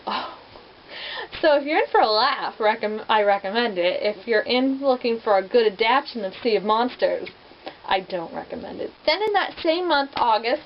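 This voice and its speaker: A young woman reviewing movie adaptations in a casual vlog, chatty and rambling, full of "like" fillers. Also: on the high side. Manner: chatty, rambling, heavy use of "like". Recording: dull lo-fi with faint hiss.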